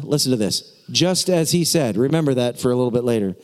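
A man preaching a sermon as a pastor, excitable and jokey, breaking into laughs and conversational asides. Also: mid-range voice, fairly quick, big-room sound.

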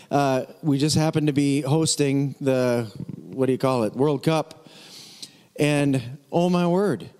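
A man preaching a casual, chatty sermon as pastor, animated and mimicking voices now and then. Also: fairly high pitch, clear, resonant tone, big-room sound. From United States.

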